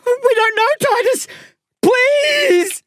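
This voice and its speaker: A woman's voice: extremely high pitch, very slow, a bit bright, no room sound, clean studio sound, pitched above the performer's own voice, exaggerated voice. A woman voicing a terrified teenage boy who shrieks and pleads in pain while being hurt. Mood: frantic.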